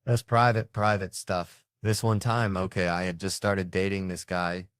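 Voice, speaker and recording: A man telling comic stories with lots of swearing, jumping between loud punchlines and muttered asides. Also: moderate pace, smooth, no echo, clean studio sound. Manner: animated, profane, jumps between loud punchlines and low asides. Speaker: comedian. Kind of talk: stand-up and panel comedy storytelling.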